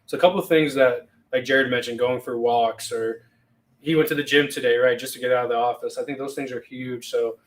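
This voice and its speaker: A man's voice: medium pitch, fairly even intonation, fairly quick. A man co-hosting a casual podcast, easygoing and agreeable, full of fillers. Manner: easygoing, affirming, many fillers. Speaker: podcast co-host. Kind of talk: casual livestream chat. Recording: distant from the mic.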